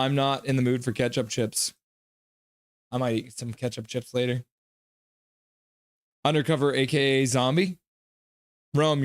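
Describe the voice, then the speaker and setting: A man hosts a livestream, chatting casually in a rambling manner, reading out chat messages, and calling the game play by play. His voice is mid-range and smooth, with no room sound.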